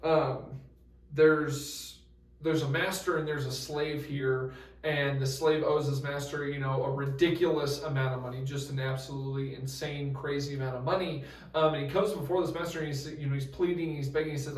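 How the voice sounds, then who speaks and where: A man's voice: on the high side, flat delivery, normal speed, reverberant, distant mic, low-quality recording. A young man leading a youth group Bible study in a loose, casual talk with many fillers and restarts.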